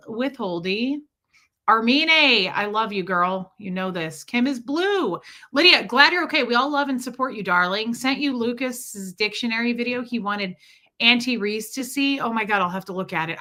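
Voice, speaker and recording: A woman's voice: fairly high pitch, sharp tone. A woman hosting a casual livestream, greeting viewers by name in a chatty, self-deprecating way while nursing a headache. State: has a headache. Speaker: livestream host.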